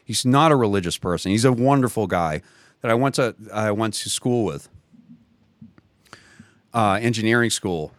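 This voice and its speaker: A man's voice: on the low side, normal speed, long pauses, dry recording. A man telling a personal story in a casual conversation, rambling, often restarting his sentences and chuckling as he goes. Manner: rambling, many restarts and self-corrections. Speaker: guest.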